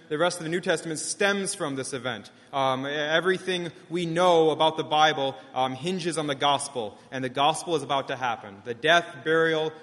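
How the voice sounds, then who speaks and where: A young man, a pastor, preaching a sermon in a church, halting often with restarts and fillers. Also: a little high, fairly bright tone, long reverb tail. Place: church sanctuary.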